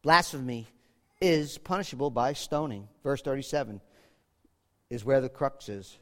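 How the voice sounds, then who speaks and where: A man preaching a sermon in a church, animated and dramatic, swinging from loud to hushed. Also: mid-range voice, moderate pace. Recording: echoey hall reverb.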